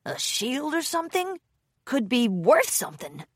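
A woman voicing a greedy, gruff female bird pirate in a storybook reading. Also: sits high, big pitch swings, a little slow, no room sound, clean studio sound, voice pushed up, exaggerated voice. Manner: gruff, grabby.

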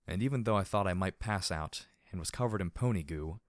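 A man doing steady, low-key first-person audiobook narration. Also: a little fast, dry recording, clean studio sound.

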